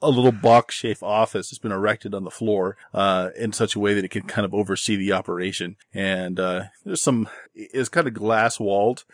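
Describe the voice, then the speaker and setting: Game master, male, lowish voice, halting delivery full of fillers, dry close sound. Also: dry recording. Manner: halting, many filler words. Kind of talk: narrating a tabletop game.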